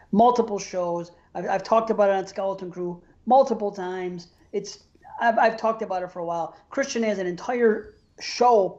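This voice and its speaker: Excitable laughing male podcast host. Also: sits high, muffled recording. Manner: excitable, laughs often, restarts. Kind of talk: casual chat.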